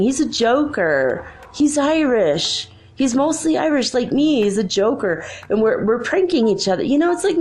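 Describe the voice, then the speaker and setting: A woman's voice: fairly low pitch, darkish tone. A woman hosting a show, telling a personal ghost story in a casual, chatty way and acting out the quoted dialogue. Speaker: podcast host.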